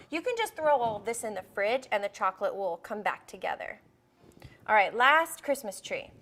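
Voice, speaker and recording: A woman's voice: high voice, a bit bright. Bubbly woman hosting a kids' baking show. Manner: bubbly, coaxing, talks straight to the kids at home. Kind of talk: live cooking demonstration for kids.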